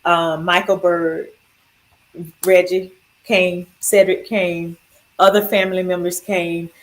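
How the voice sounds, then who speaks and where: A woman's voice: fairly low pitch, level tone, slow pace, rough recording. A woman sharing her cancer survival story, rambling through heartfelt thanks to family and friends. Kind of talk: personal video testimony.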